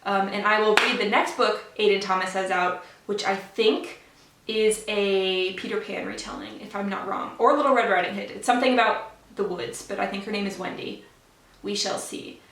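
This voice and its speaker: In an enthusiastic, casual book wrap-up, a young woman vlogger praises what she's read and says um a lot. She speaks at normal speed with a medium pitch, fairly even intonation and a fairly bright tone, her mic placed at a distance in an echoey room.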